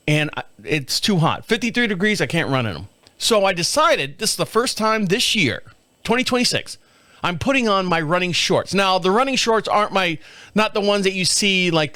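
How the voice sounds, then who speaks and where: A man's voice: a little high, fairly bright tone, dry recording. A middle-aged man hosting a casual solo podcast, telling rambling, profane, self-mocking stories and laughing at himself. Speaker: podcast host.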